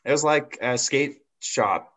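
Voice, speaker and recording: A man's voice: medium pitch, a bit bright. Wisecracking male podcast guest. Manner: joking, quick comebacks. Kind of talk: casual chat.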